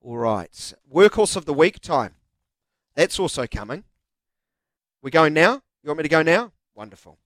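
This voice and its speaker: A man's voice: a little high, sing-song, normal speed, pauses often, fairly bright tone, no room sound. A man with a New Zealand accent hosting a sports radio show, chatty and upbeat, reading sponsor lines. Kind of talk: casual radio chat.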